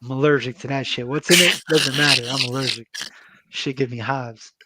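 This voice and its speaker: A man's voice: medium pitch, fairly even intonation, fairly quick, very noisy. A man co-hosting a podcast, casually recapping a wrestling episode with loose, profane banter. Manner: loose and profane, with frequent fillers and laughs.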